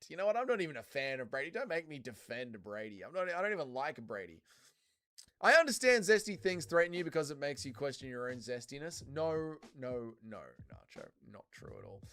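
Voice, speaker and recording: A man's voice: on the high side, fairly bright tone, smooth. A man hosting a casual livestream, reading viewer comments aloud and answering them in a loose, profane way. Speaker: livestream host reading chat.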